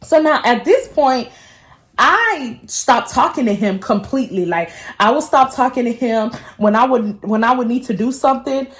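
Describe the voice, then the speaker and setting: Young woman spilling tea on her vlog, kinda high voice, cussing a lot. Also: moderate pace. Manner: animated, profane gossiping storyteller. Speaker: beauty vlogger. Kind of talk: storytime vlog.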